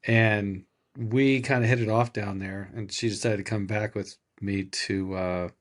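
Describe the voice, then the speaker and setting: Low-voiced man telling a story. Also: unhurried. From California, USA. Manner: animated anecdote-telling, acting out quoted dialogue. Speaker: podcast guest. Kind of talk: casual storytelling.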